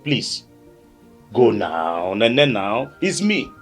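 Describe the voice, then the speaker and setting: A Nigerian man acting as a husband and brother, pleading with his family to calm down. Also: lowish voice, drawn-out words, faint music behind, exaggerated voice. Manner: pleading, soothing, then exasperated. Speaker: husband and brother trying to make peace. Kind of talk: Nollywood film acting.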